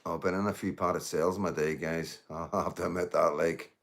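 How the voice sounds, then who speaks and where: A middle-aged livestream host rambles through a casual chat with viewers, swearing freely and calling them mate and guys. His deep voice is steady in tone, fairly quick and creaky.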